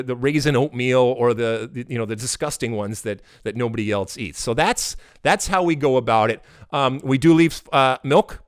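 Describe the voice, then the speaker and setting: A middle-aged man hosting a casual podcast, talking in an animated, emphatic way that swings into loud exasperated rants. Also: medium pitch, no room sound, clean studio sound. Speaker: podcast host.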